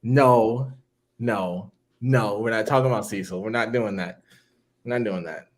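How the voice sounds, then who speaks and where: A man casually telling a long story on a podcast, acting out what people said with big jumps in his voice. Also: a little slow. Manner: animated, acts out quotes with big pitch jumps.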